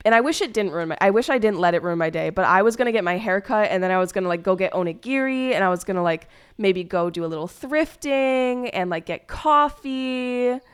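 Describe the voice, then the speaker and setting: A woman's voice: medium pitch, animated, brisk, few pauses, smooth. A young woman streamer chatting casually, telling a hurt story in a rambling way, with many fillers and restarts.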